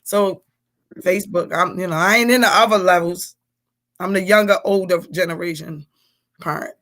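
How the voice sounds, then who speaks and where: A woman in her forties hosting a casual live-streamed chat, telling stories in an animated, chatty way. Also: lowish voice, normal speed. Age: 40s.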